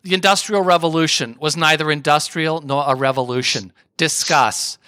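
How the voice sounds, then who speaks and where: A man's voice: fairly high pitch, steady tone, normal speed, sharp tone, clean tone, dry recording, clean studio sound. A man putting on a middle-aged female talk-show hostess with a New York accent, declaiming in a theatrical catchphrase style. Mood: mock-solemn.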